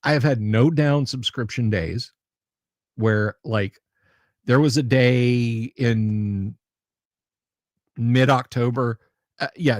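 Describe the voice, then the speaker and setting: A man hosting a casual livestream chat, talking in a halting way with lots of pauses and restarts, and often repeating himself for emphasis. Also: mid-range voice, dry recording, studio quality. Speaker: livestream host.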